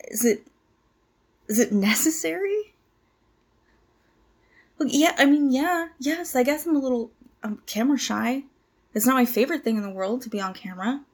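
A woman in her twenties playing a nervous young cult initiate who stammers, apologizes and tries hard to please. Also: fairly high pitch. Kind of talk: audio drama monologue.

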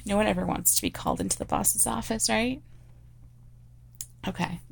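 A woman's voice: medium pitch, huge pitch swings, moderate pace, creaky, breathy edge, no echo. A woman creator chatting casually to her audience, hesitant, with many fillers and laughs. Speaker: audio creator. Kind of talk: casual chat.

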